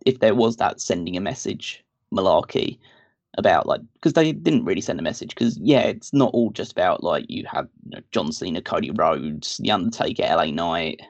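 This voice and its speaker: A man's voice: deep voice, gravelly, no room sound. A man co-hosting a podcast, chatting casually in a rambling way full of restarts and fillers. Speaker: podcast co-host. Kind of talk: casual wrestling discussion.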